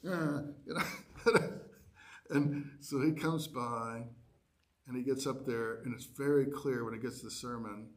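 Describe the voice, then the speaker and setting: A man telling a personal story to a church adult education class, acting out his own reactions in lively quoted asides. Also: mid-range voice, a little slow.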